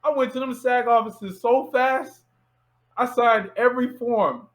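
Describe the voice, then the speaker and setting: A man's voice: very high-pitched, unhurried. A young man from Miami, a filmmaker, telling a story as an interview guest, acting out the people in it. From Miami, United States. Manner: animated storyteller acting out quotes.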